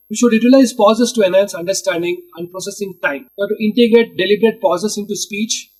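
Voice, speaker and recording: A husky man teaches by reading his notes aloud in a steady, list-like way. His voice sits high for a man. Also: low-quality recording.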